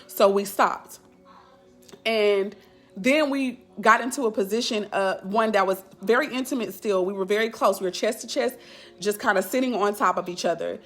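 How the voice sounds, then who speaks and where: A woman's voice: mid-range voice, normal speed. A woman life coach chatting casually on a live stream, candid and blunt in loose, slangy talk.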